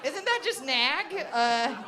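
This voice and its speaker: A woman's voice: high voice, sing-song, slow pace. A woman working the crowd as the MC of a live comedy show, brash and teasing, swearing freely. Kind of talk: live stand-up crowd work. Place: live comedy venue with audience. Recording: loud crowd noise in a venue. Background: audience laughter and chatter.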